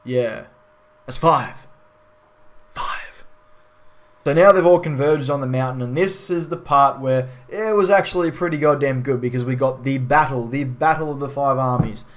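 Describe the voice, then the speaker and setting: A man's voice: mid-range voice, fairly quick, few pauses. A man giving a casual spoken film review in a frustrated, ranting way with frequent swearing.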